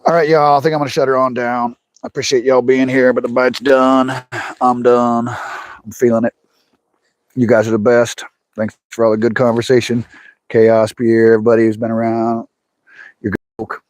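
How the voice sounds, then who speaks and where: A man hosts a casual fishing livestream at a lake outdoors, speaking at normal speed in a medium-pitched, flat voice. He's rambling and folksy, restarting words and talking directly to viewers, captured in clean studio sound without echo.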